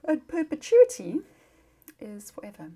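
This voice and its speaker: A woman's voice: fairly high pitch, wildly swooping pitch, measured pace, mellow. A woman teacher giving a casual recorded lesson, chatty and informal with asides, sounding tired. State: tired, yawning.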